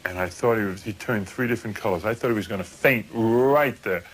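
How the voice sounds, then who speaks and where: A former football player recalling stories in an interview, relaxed and rambling. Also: male voice, on the low side, fairly quick, slight background noise. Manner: relaxed, rambling, many fillers. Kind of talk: anecdotal storytelling interview.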